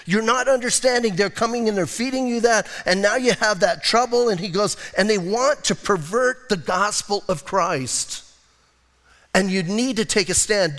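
Older male pastor, conversational sermon, high voice, long hall reverb. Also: normal speed, fairly bright tone. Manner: conversational preaching, rhetorical asides.

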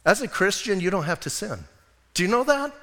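A male pastor preaching an animated, conversational sermon and acting out bits of dialogue. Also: high-pitched, brisk, big-room sound.

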